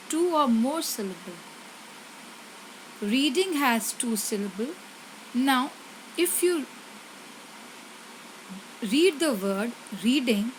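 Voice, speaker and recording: A woman's voice: a little high, noisy background. A woman teaching a grammar lesson, explaining step by step and asking her pupils questions. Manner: slow, deliberate, repeats words and asks pupils questions. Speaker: English teacher.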